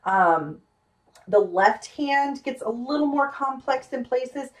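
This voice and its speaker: A woman's voice: high voice, animated, slow, recorded from a distance, poor audio. Chatty woman teaching music at the piano. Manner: chatty, many ums and restarts, playful asides. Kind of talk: casual music lesson at the piano. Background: piano playing.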